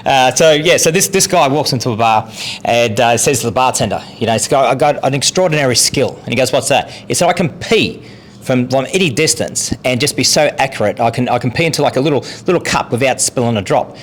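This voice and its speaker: An Australian man, a guest comedian, telling a joke in a relaxed, rambling way. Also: medium pitch, quick pace, a little hiss or hum.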